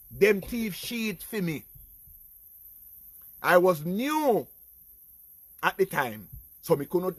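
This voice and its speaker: A middle-aged Jamaican man telling his own life stories in a casual vlog, animated and talking to his viewers as "people". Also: on the high side, husky, dry recording. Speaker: vlogger. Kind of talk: casual storytelling.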